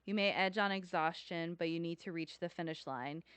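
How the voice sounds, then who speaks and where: A woman's voice: on the low side, normal speed, a bit bright, smooth, dry recording. A woman co-hosting a podcast in casual chat, chatty and earnest. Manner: chatty, laughs often, earnest. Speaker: podcast co-host.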